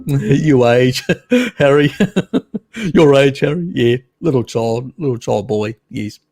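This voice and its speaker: A man's voice: mid-range voice, animated, takes it slowly, a little mellow. A man hosting a casual live stream, chatting with viewers in a teasing, cheeky way and laughing often.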